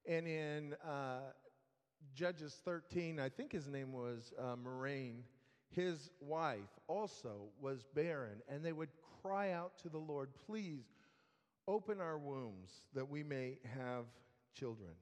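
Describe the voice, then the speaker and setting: A man delivers a sermon at a slow, deliberate pace, retelling a story with dry asides to the congregation. His voice sits fairly high for a man. A long reverb trails his words, as in a large hall. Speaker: preacher.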